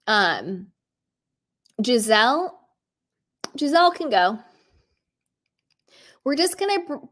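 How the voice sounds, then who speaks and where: Woman vlogger, higher pitch, casual and emphatic commentary, lots of fillers. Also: fairly bright tone. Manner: chatty and emphatic, frequent "like" and "you know". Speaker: reality TV commentator.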